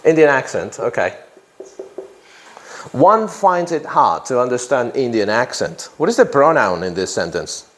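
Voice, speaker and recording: A man's voice: mid-range voice, sing-song, unhurried, fairly bright tone. A man teaching an English grammar lesson to a class, who repeats key phrases and often checks in with "yeah?".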